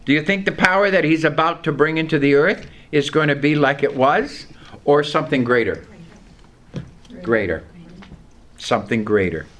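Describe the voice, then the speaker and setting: A man's voice: a little high, fairly quick, fairly bright tone. A man teaching a Bible study, reading scripture aloud and explaining it with questions to his listeners.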